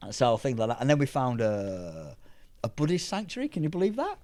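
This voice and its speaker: A middle-aged Englishman chatting as an interview guest, his voice sitting at an ordinary middle pitch. He tells long, lively anecdotes, stumbling and restarting as he goes. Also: a little fast. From England. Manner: rambling, animated anecdotes with restarts. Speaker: powerlifter guest. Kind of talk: casual storytelling chat.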